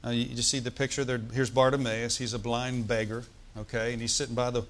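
Delivering his sermon fairly quickly and in a level tone, this male pastor prompts the congregation to respond. His volume shifts from loud outbursts down to quiet, low asides.

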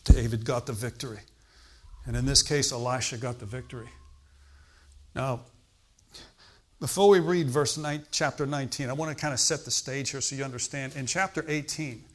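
A man's voice: mid-range voice, fairly even intonation, normal speed, long pauses. A man preaching a sermon in a conversational way. He asks the congregation questions and adds emphatic exclamations.

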